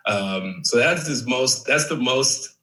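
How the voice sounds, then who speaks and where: A man in his thirties from Chicago, an actor telling stories as a guest in a casual interview, animated and full of "like" and "man". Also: medium pitch, takes it slowly, far from the mic, rough recording. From Chicago, USA. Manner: animated storyteller, many fillers like "like" and "man".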